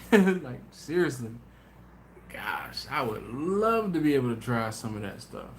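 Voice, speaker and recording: Tired man telling animated stories. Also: a little high, slow. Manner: animated storytelling, voices his friends. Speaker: BBQ channel host. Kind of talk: casual livestream chat. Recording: echoey room with faint noise.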